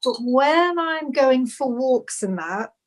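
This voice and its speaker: A woman with a high, bright voice talks on a video call. She gushes with enthusiasm and rambles, restarting her sentences as she goes. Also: lively intonation, slow. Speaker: knitwear designer. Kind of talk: casual live video chat.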